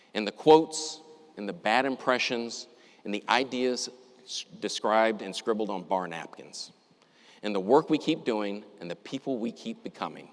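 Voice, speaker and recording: A middle-aged man telling a personal story in a talk, reflective and measured, with deliberate pauses. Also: on the low side. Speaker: university administrator giving a talk. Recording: long reverb, as in a hall.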